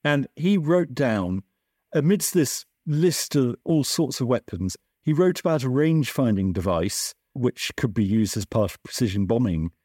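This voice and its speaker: A man, a science journalist, explaining history in a conversational podcast interview with lively swings in his delivery and frequent restarts. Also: unhurried, breathy edge, no echo, studio quality. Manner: animated storyteller, lively pitch swings, self-correcting restarts. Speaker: science journalist and author, guest.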